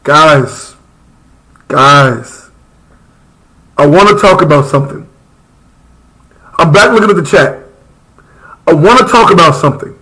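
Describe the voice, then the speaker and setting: A young man talks through a live reaction stream with a high, bright voice. He rambles passionately in loose slang, often repeating himself as he gets carried away. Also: lively intonation, a little slow, long pauses, rough recording. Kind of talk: casual live reaction chat.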